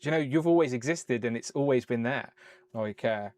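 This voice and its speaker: A man hosting a casual live-stream chat, chatty and encouraging, quick with a joke. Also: medium pitch, a little mellow. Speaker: host.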